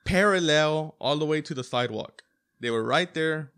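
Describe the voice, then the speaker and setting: A young man co-hosting a casual podcast chat, exasperated and quick to swear. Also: fairly high pitch, a bit bright, clean tone. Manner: exasperated, swears freely, laughs often. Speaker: podcast co-host.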